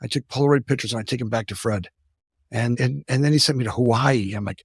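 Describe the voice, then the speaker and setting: A man in his fifties from the United States, a company founder telling stories as an interview guest. He talks rapidly, tags his lines with "right?" and often restarts his sentences. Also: medium pitch, husky, no room sound, studio quality. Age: 50s. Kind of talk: casual storytelling interview.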